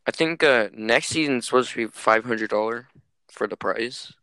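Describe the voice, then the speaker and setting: A man's voice: medium pitch, moderate pace, pushed and bright, slight background noise. A man hosting a casual gaming chat, chatty and speculative, steering the talk with questions.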